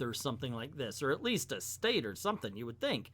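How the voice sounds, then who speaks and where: A man's voice: on the high side, big pitch swings, moderate pace, a bit bright, no echo. A man giving a chatty, wry recap of an old comic book, full of casual asides.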